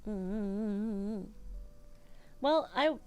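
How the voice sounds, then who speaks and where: A woman's voice: mid-range voice, animated, drawn-out words, darkish tone, smooth, no echo, soft background music. A woman streamer, nose stuffy after crying, chatting casually and reading out her chat, candid and swearing freely.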